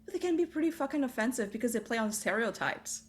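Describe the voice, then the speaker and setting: A woman's voice: a little high, expressive, fast talker. A woman playing her character in a tabletop game, blunt and exasperated, swearing now and then. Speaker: player. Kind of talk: tabletop role-play.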